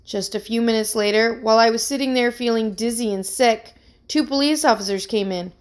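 A woman's voice: on the high side, a little fast, lightly acted. Woman voicing an anxious young man, pleading. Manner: earnest and pleading. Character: anxious young man, a struggling musician accused of theft.

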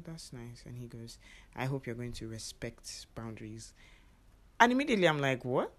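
A young woman recounting a personal encounter in a casual storytelling style. She acts out other people's lines and drops into whispered asides. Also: a bass voice.

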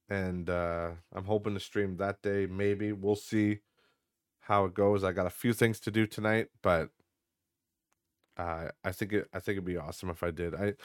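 A young man from Canada hosting a casual solo podcast, rambling in a relaxed way and swearing offhandedly. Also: lowish voice, no echo, studio quality. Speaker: podcast host.

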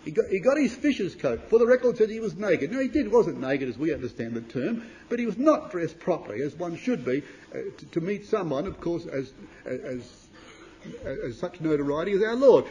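Man, high pitch, sermon, emphatic, loud then hushed, old-fashioned scripture reading. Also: sing-song, a little fast, rough recording. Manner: emphatic, rising to loud declamation then dropping low; reads scripture in old-fashioned King James wording. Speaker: preacher.

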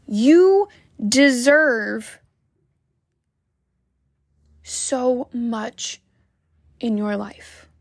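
A woman's voice: on the high side, dry recording, clean studio sound. A woman wellness coach giving a heartfelt, emphatic motivational talk to the camera.

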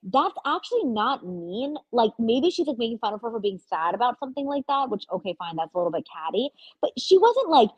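A woman's voice: fairly high pitch, big pitch swings, brisk, few pauses, slightly rough, no room sound, lo-fi sound. A young woman co-hosting a podcast in casual chat, ranting heatedly, swearing and acting out quotes. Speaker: podcast co-host.

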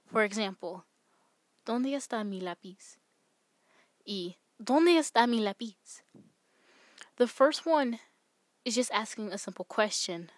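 A woman's voice: mid-range voice, no echo. Woman giving a casual language lesson. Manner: explains slowly with examples, stressing key words. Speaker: Spanish tips podcast host.

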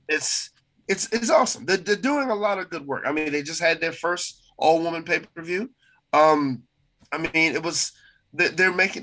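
A man co-hosting a casual wrestling podcast, talking in a relaxed, hesitant way with many fillers. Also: medium pitch, poor audio. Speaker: podcast co-host.

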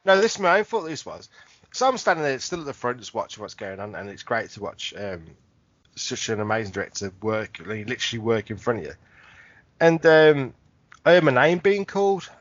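A man's voice: mid-range voice, a little fast, no echo. A man co-hosting a podcast, telling an embarrassing story in casual chat, acting out voices, laughing and swearing. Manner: animated, acts out voices, laughs a lot, swears. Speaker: podcast co-host. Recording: dull, dry lo-fi podcast mic.

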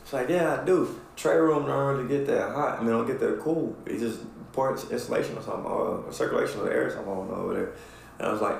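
A man with a gravelly, fry-laced voice tells a story on a podcast, loose and profane, and acts out the lines of the people in it. The room is very echoey, with a faint hum of ambience behind him. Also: mid-range voice, fast talker. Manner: animated, profane storyteller who acts out quotes. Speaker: podcast co-host. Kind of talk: casual storytelling chat.

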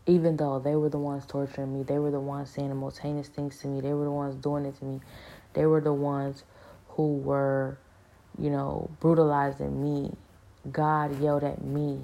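A woman speaks in a low, flat, gravelly voice with a dark, mellow tone. She tells a personal spiritual story earnestly, stopping and restarting her sentences and leaning on fillers as she thinks aloud. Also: moderate pace. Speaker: speaker sharing a spiritual experience. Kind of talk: personal testimony, casual monologue.

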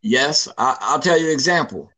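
A man in his sixties telling a personal story in an interview, lively and emphatic, acting out what people said. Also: mid-range voice, moderate pace, poor audio. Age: 60s. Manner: lively, emphatic storyteller who acts out quoted lines.

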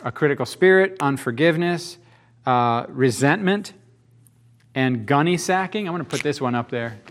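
A man's voice: mid-range voice, expressive, normal speed. A man preaching a sermon in a folksy, conversational way, often asking the congregation rhetorical questions. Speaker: pastor.

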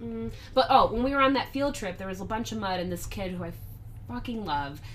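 A woman's voice: mid-range voice, fairly quick, slight background noise. A young woman teacher chatting casually with friends, telling classroom stories and acting out her students' voices. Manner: animated storyteller, acts out kids' voices, swears freely. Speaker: elementary school teacher.

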